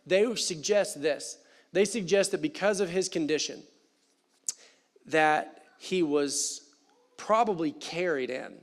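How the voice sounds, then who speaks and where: A man preaching a sermon in a church, animated and conversational with playful asides. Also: fairly high pitch, slow pace, pauses often. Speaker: pastor. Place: church sanctuary.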